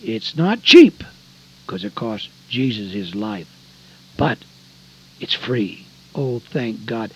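An older man preaching a folksy radio sermon, emphatic, swinging between loud stretches and hushed ones. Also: mid-range voice, dull audio, a little hiss or hum.

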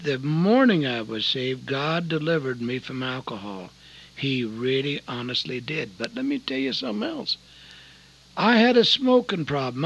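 A middle-aged man preaching a sermon, telling his own story in an earnest, folksy way. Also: high voice. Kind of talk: sermon with personal testimony. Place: Seattle. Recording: dull lo-fi sermon recording.

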